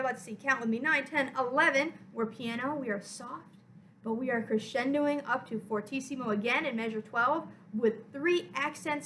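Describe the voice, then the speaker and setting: Bright-voiced woman teaching orchestra. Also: on the high side, slight background noise, low-quality recording. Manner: clear, encouraging, step-by-step explaining. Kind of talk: recorded music lesson.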